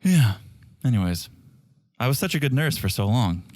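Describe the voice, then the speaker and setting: A man co-hosts a casual podcast in a jokey, teasing way, laughing often. His pitch swings wildly from low to high. The sound is dry and close, with no room echo. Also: big pitch swings, normal speed, darkish tone. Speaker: podcast co-host.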